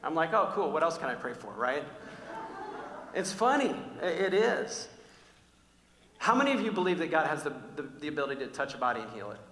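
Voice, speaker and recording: A man preaching a sermon, telling personal stories in an animated, conversational way with frequent restarts. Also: fairly high pitch, quick pace, slight background noise. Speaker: pastor. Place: large church hall. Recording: echoey church hall with long reverb.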